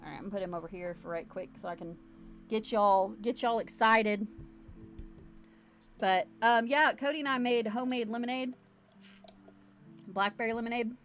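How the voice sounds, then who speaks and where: This livestream host chats from home to her camera, bubbly and rambling. Her voice is on the high side and a bit bright, with fairly even intonation, a moderate pace and frequent pauses, while faint music plays behind her.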